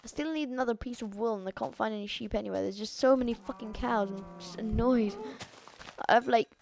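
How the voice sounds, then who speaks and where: A woman's voice: on the high side, fairly quick, creaky, a little mellow, a little hiss or hum. A woman giving rambling, sweary let's play commentary. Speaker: gamer.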